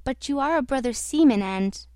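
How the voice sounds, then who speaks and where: Woman reader doing a nervous young seaman, earnest, fairly high, dry recording. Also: expressive, moderate pace, dark tone, clean tone, dry recording. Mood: earnest anxious. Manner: earnest, anxious.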